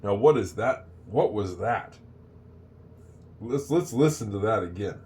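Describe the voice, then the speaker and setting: Older male teacher, low voice, chatty and rambling, drills phrases slowly. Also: lively intonation, dark tone. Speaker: English teacher. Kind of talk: casual spoken lesson.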